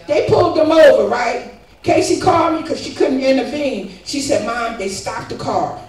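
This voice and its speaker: An older woman giving a fervent, emphatic church testimony. She keeps asking her listeners "guess what" as she talks. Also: high-pitched. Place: church sanctuary. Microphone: distant room mic. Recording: echoey church from far off, faint music.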